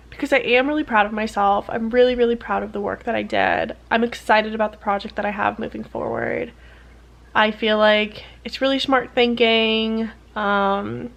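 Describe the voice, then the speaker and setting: A slightly high-pitched young woman talks straight to her vlog camera in an easy, chatty way. She rushes through a story, scattering "like" everywhere and acting out what other people said in sudden high, lively voices. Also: creaky. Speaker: vlogger, PhD student.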